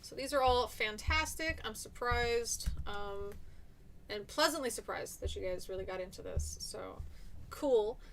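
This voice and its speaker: A woman teaching a class over a live stream at an ordinary middle pitch. She talks in a chatty, encouraging way and answers student comments as they come in. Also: a bit bright, a little hiss or hum.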